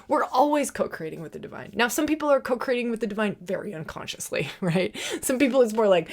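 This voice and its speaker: A woman hosting a podcast, giving a spiritual teaching monologue. She drifts into soft whispers, giggles often and searches for words. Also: on the high side, lively intonation, fairly quick. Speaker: podcast host and retreat teacher.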